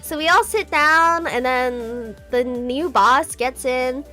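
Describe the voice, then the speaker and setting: A woman's voice: high-pitched, takes it slowly, sharp tone, faint music behind. A young woman streamer telling a story in a casual, chatty way, full of "like" fillers and laughter.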